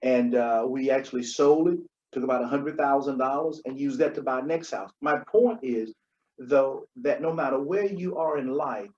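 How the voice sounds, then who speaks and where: On a dull, lo-fi podcast recording, a male co-host with a mellow, medium-pitched voice hands out financial advice. He's conversational yet emphatic, repeating his key points and checking in again and again with "Okay?"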